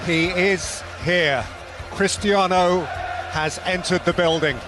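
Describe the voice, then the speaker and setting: A man giving dramatic sports commentary, declaiming slowly and grandly with bursts of shouting, heard in a broadcast clip. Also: sits high, steady tone, music in the background. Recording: broadcast clip over loud crowd noise. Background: loud crowd.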